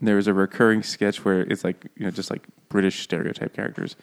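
A man's voice: on the low side, little pitch movement, fast talker, smooth. A man co-hosting a podcast who jokes around in casual banter, swearing and laughing often. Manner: joking, profane, laughs often. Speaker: podcast co-host.

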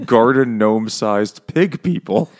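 A man casually retelling a novel's plot for laughs, crude and animated, often breaking into laughter and quick voiced quotes. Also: lowish voice. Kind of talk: casual comedic book recap.

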